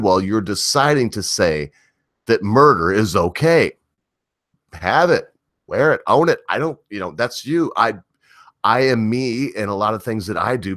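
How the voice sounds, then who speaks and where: A low-voiced man rants on his livestream, his pitch swinging widely as he talks. He rambles and leans hard on his words, sometimes drawing them out slowly. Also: fairly bright tone, no echo, clean studio sound. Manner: rambling, emphatic, with slow drawn-out stretches. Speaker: livestream host. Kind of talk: opinionated livestream rant.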